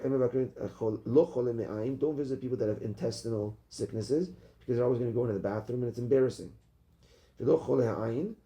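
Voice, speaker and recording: A rabbi teaches Talmud in a relaxed, chatty way, a man with a gravelly, fry-tinged voice at an ordinary pitch. He reads the passage aloud, then explains it loosely, often stopping and restarting his sentences. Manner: casual, halting, with many restarts. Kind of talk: Talmud class, reading and translating.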